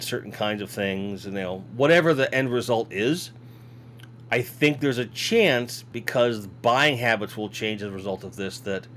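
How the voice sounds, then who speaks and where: Toy shelves stand behind a man in a home room as he hosts a live toy-collecting show, yawning, rambling casually, and reading comments from viewers aloud. His voice is on the low side yet fairly bright, and there's slight background noise.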